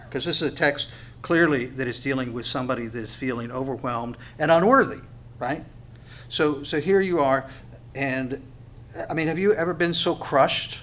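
A man preaching a sermon, earnest and halting, with plenty of stumbles and restarts. His voice sits at a middle pitch, and now and then he surges into loud, stressed lines. A faint hiss of noise runs behind him. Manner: earnest, halting, with many restarts and sudden bursts of emphasis. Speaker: pastor.

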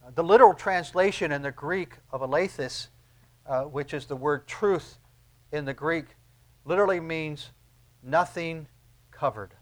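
A middle-aged man preaching a sermon, dropping to quiet, low asides and then rising to loud, emphatic peaks. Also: a little slow. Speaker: pastor.

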